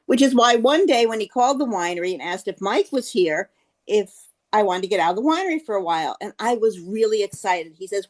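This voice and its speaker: A woman's voice: medium pitch, expressive, brisk. Woman, storytelling speech, humorous anecdote, acts out dialogue, mid-range voice. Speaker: club member giving a speech.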